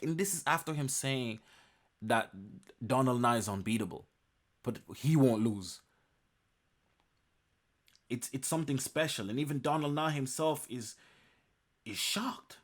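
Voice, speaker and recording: A man's voice: mid-range voice, a little slow, pauses often. A man reviewing a webtoon chapter in an enthusiastic recap, emphatic and repeating phrases for emphasis.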